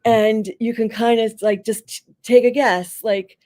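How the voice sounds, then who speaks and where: A woman's voice: on the high side, measured pace. A woman, a school psychologist, talking on a podcast and telling a story, acting out the people in it and filling her talk with "like" and "you know". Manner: animated storyteller who acts out quotes with a rising voice; conversational, many fillers like "like" and "you know". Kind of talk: podcast interview, teaching by story.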